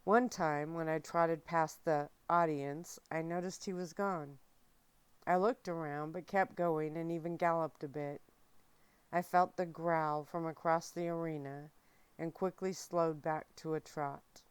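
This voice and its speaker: A woman narrating a novel in a soft, steady ASMR reading. Her voice is low and smooth and moves at an unhurried pace. It is recorded close up with a dry sound. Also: no room sound. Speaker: audiobook reader.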